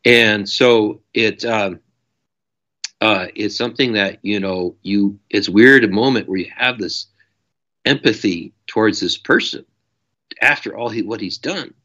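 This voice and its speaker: Guy with a lowish voice, author in a chat, gets really passionate and wanders, kinda muffled sound. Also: a little slow, bright, forceful tone. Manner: passionate, discursive. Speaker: author guest. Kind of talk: casual interview chat. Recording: dull lo-fi audio.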